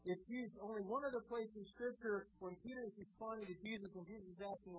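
High-voiced man preaching. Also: steady tone, fast, phone-quality sound. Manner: earnest preaching with frequent word repeats. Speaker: pastor. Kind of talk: sermon.

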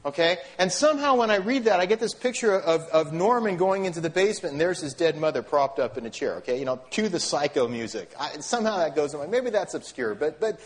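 Lively, animated male preacher. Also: high-pitched. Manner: animated, conversational preaching with rhetorical questions and asides. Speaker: pastor. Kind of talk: sermon.

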